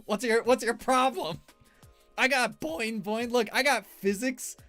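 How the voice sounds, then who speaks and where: A man doing a high, exaggerated impression of an excitable female rabbit-themed streamer who swings between smugness and wailing. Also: a little slow, no room sound, soft background music, heavily acted. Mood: indignant gloating. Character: excitable bunny-girl streamer, smug then wailing.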